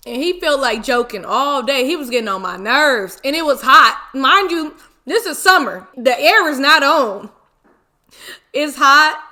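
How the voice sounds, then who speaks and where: A woman in her twenties telling a story casually while eating, animated and full of slang and exclamations. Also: sits high, unhurried. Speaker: mukbang vlogger.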